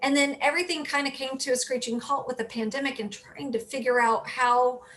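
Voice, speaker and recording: A woman who ran for office, talking as a guest in a casual interview, telling stories in an animated way and often correcting herself mid-sentence. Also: high-pitched, brisk, a little hiss or hum. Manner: animated storytelling, self-correcting. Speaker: political candidate, guest.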